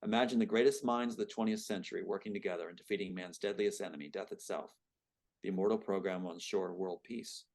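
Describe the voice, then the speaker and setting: A man's voice: deep voice, steady tone, fast talker, a little mellow. A man reading as a cold, menacing agent. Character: cold scheming male government agent.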